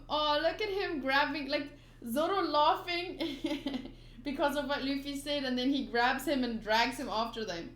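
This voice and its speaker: A woman's voice: high-pitched, unhurried, a bit bright. A woman hosting a manga readthrough, chatting in giggly asides between reading lines aloud. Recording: roomy echo.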